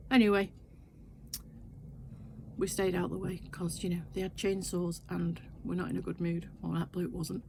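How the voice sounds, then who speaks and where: Older woman with a gravelly voice. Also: fairly low pitch, little pitch movement, normal speed, long pauses, noisy background. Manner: chatty, rambling anecdote with asides. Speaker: sewing vlogger. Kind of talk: casual storytelling chat. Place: her sewing shed, indoors.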